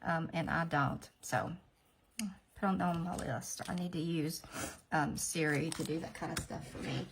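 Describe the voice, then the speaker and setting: A woman's voice: low-pitched, unhurried, slight background noise. A woman chatting casually through a nail tutorial, rambling with asides to herself. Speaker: nail art vlogger.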